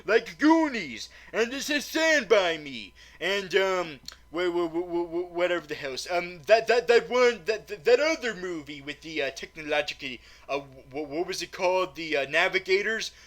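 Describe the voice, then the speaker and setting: A man's voice: high voice, animated, moderate pace, hardly any pauses, a bit bright. A man giving a rambling, profane comedic movie rant, stammering and repeating words. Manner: profane and exasperated. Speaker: movie reviewer.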